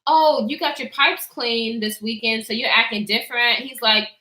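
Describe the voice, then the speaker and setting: A woman's voice: on the high side, moderate pace, roomy sound. A young woman vlogger casually telling a story time, acting out what people said and laughing often. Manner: animated, acts out quotes, reads live chat, laughs often.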